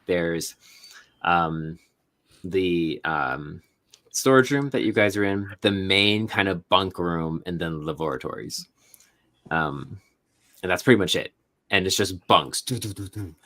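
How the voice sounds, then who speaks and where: A man narrating as game master of a tabletop role-playing game, setting the scene in a relaxed, descriptive way with small fillers. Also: sits low, slow pace, pauses often.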